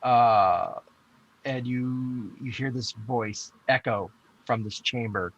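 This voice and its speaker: Game master man, gravelly voice. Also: medium pitch, low-quality recording. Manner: halting, lots of uh fillers. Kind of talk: narrating a tabletop game.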